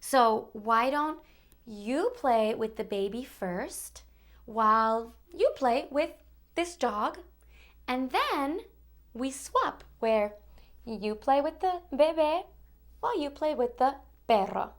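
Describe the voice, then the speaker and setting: A woman's voice: sits high, lively intonation, slow pace. A woman teaching toddlers Spanish words in a bilingual lesson, sounding out each syllable with exaggerated care. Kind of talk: bilingual toddler lesson, slow and sing-song.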